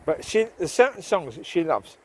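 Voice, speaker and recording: A man's voice: fairly high pitch, big pitch swings, normal speed, slight background noise, low-quality recording. A man vlogging while he walks his dogs along a rural path, rambling chattily and talking to the dogs. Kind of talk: casual talk while walking outdoors. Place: outdoors by water on a rural path.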